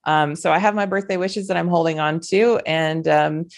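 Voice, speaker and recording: A woman's voice: low-pitched, moderate pace, gravelly. A woman, hosting a podcast and giving an earnest, emphatic motivational monologue with folksy asides. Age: 40s. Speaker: podcast host.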